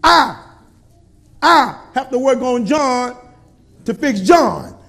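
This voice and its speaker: High-pitched preaching man. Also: big pitch swings, slow, vocal fry. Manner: call-and-response preaching, colloquial, rising to shouts. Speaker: pastor. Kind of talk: sermon.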